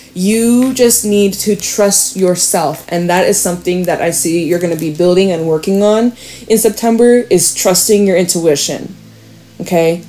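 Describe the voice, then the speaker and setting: Chatting casually as she lays out tarot cards for the camera, a woman laughs frequently and offers her viewers reassurance. She has a lowish, mellow voice.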